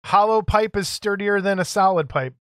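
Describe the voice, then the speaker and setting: A man's voice: high voice, normal speed, clear, resonant tone, no echo. A man co-hosting a casual podcast chat, teasing his partner with dry ribbing. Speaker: podcast co-host.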